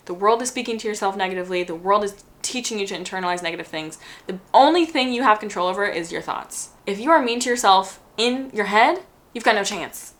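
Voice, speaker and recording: A woman's voice: medium pitch, fairly bright tone. A young woman chatting casually while coloring, answering viewer questions with earnest, encouraging advice and repeating phrases for emphasis. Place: hot room at home.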